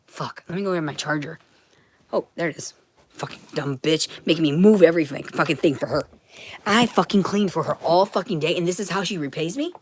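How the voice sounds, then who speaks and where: An agitated woman delivering a rambling, profane monologue to the camera, swinging between loud ranting and hushed whispers. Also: sits low, a little fast, breathy edge. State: agitated, frantic.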